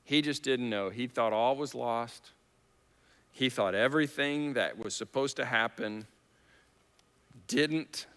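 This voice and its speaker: A man's voice: mid-range voice, bright, forceful tone, clean tone. A man preaching a sermon in a conversational way, acting out the quoted lines with rising force. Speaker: pastor. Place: church hall. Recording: long church hall reverb.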